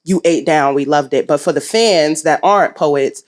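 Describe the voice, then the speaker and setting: A woman's voice: deep voice, normal speed. Frank Texan woman co-hosting a poetry night. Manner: frank, laughs often, swears casually. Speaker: co-host giving feedback to poets. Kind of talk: live feedback and advice. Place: live poetry event venue.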